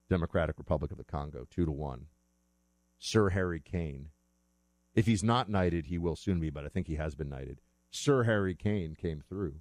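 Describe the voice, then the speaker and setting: Guy with a really low voice chatting away, rambly, dry close sound with a bit of hum. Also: no echo. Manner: rambling, self-correcting, chuckles to himself. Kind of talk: casual monologue.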